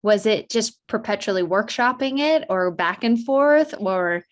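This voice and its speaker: A woman's voice: medium pitch, lively intonation, a little slow. A woman hosting a business interview podcast, asking questions and reacting with effusive enthusiasm. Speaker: podcast host.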